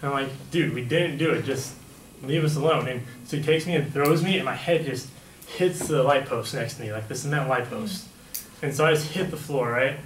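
A man's voice: medium pitch, a little fast. A young man casually telling a personal story, rambling and filling his sentences with "like" and "right?". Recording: echoey room, mic at a distance, faint background hum.

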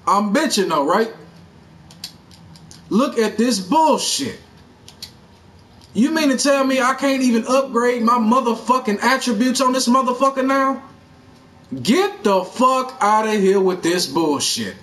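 A man hosting a gaming channel, ranting about a video game in an angry, sarcastic and profane way, shouting in bursts of outrage. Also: very high voice, animated, measured pace. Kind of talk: angry gameplay rant.

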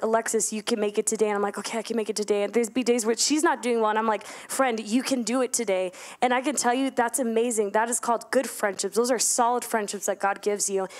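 A young woman giving a casual, playful sermon at a church service, joking with the congregation between points. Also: a little high. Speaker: youth speaker at church service.

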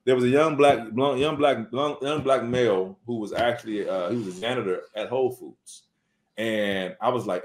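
A man's voice: medium pitch, normal speed. A man, a food business owner, telling an earnest, faith-filled story as a podcast guest, repeating casual words as he goes. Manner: animated, repetitive storytelling full of "man" and "bruh".

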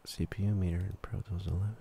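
A man teaching a recording workflow in a screen-recorded tutorial, relaxed and casual, talking through each step with filler words and the odd "boom". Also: quick pace, gravelly, breathy edge. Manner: relaxed, talks through steps as he clicks, frequent "uh" and "boom". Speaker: recording engineer teaching software.

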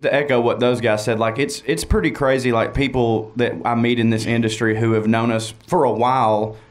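A man's voice: mid-range voice, steady tone, fairly quick. A man with a Georgia accent, a comedian guest talking in a chatty, wry, self-mocking way. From northwest Georgia. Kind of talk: casual interview chat.

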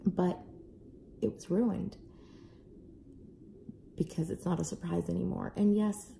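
A young adult mother casually telling a family story to camera, animated, acting out voices now and then. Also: lowish voice, takes it slowly, gravelly, a little hiss or hum. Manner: animated, acts out kids' and own voices. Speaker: parent vlogger.

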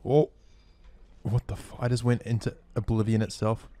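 A man's voice: medium pitch, level tone, normal speed, dark tone. A man chatting casually in a gaming voice chat, joking, teasing and swearing freely. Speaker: gamer hosting a joking bit in voice chat.

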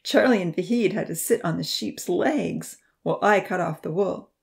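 A giggly young farmer woman from a storybook , read by a woman. She talks with light giggles in a low voice. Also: normal speed, creaky. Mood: amused.

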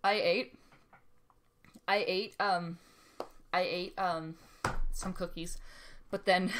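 A woman streaming a game, chatting casually, swearing freely and breaking into sudden excited outbursts. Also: lowish voice, extremely slow, pauses often, slight background noise. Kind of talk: casual live-stream gameplay chat.

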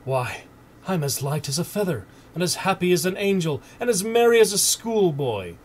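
Elated old miser for a storybook read-aloud, pitched up and breathless with glee, read by a man. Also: big pitch swings, moderate pace, a little mellow, slight background noise. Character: reformed old miser, giddy with joy.

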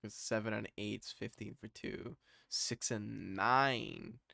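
Gravelly laid-back young gamer guy. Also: fairly low pitch, takes it slowly, sharp tone, no echo, studio quality. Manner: laid-back, swears casually. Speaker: channel owner, gamer. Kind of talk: casual gaming chat. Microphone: studio condenser mic.

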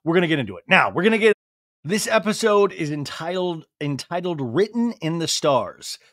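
Guy with a high voice riffing sarcastic on a tv recap podcast, dry close mic. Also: big pitch swings, moderate pace, fairly bright tone, dry recording. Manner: sarcastic, riffing, jumps into silly impressions. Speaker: podcast host.

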